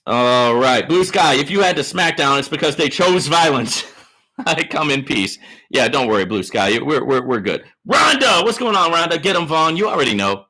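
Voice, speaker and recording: Man, live stream host, hyped shout-outs, bright forceful voice, swooping lively pitch. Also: normal speed. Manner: boastful, teasing. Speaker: livestream host. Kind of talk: live Q&A stream, reading chat.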